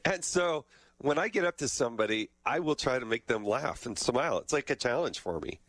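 A man's voice: mid-range voice, lively intonation, a little fast, a bit bright, dry recording. Middle-aged guy host, jokey storyteller, dry close mic sound. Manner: jokey, self-deprecating storyteller. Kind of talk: casual interview chat.

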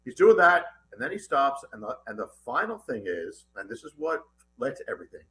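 A middle-aged man, a guest author in an interview, telling a personal story in an animated, urgent way with many restarts. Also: medium pitch, brisk.

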